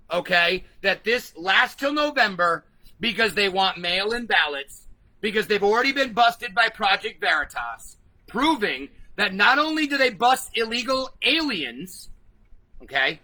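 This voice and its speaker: A man's voice: high-pitched, expressive, normal speed, bright, forceful tone, rough recording. A man ranting combatively to camera in a profanity-laden vlog, then reading out and answering viewer comments. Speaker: vlogger.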